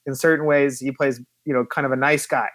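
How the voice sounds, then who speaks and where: A film producer chatting in an interview, an animated storyteller who acts out quotes and laughs often. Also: male voice, medium pitch, brisk, dry recording. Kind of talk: casual interview chat.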